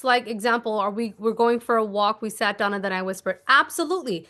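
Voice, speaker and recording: Woman, manifestation coach, a touch high-pitched, casual and emphatic, repeats her key instructions. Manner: animated, acts out little scenes. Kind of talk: casual teaching monologue.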